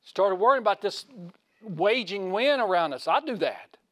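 High-voiced folksy man preaching. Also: lively intonation, normal speed, no echo. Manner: folksy, asks the listeners questions, swings from loud to hushed. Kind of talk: conversational sermon.

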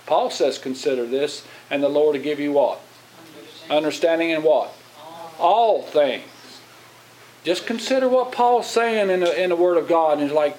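A man's voice: a little high, lively intonation, moderate pace, darkish tone, low-quality recording. A man preaching in a church as pastor, plain-spoken and conversational, often putting questions to the congregation. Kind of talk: sermon.

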